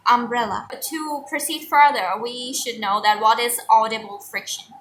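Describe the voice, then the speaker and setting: A young woman tutor giving a pronunciation lesson, repeating example words slowly for the learner. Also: on the high side, bright, forceful tone, far from the mic, a little hiss or hum. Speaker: online tutor.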